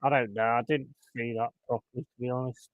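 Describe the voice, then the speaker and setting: A man's voice: medium pitch, fairly even intonation, fast, phone-quality sound. A man hosting a fan watchalong, calling the match and bursting into swearing, exasperated rants. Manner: swearing, exasperated ranting outbursts. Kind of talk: live match commentary and chat.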